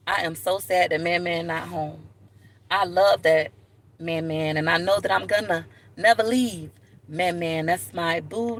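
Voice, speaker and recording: A woman voicing a heartbroken woman reading her diary entries aloud in a low, hushed, self-pitying tone.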